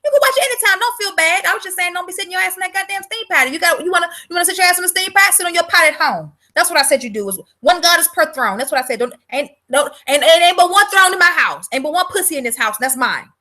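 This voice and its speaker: A woman's voice: very high voice, animated, quick pace, few pauses, bright, forceful tone. A woman ranting bluntly and profanely in a casual livestream, repeating words for emphasis. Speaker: vlogger selling herbal products.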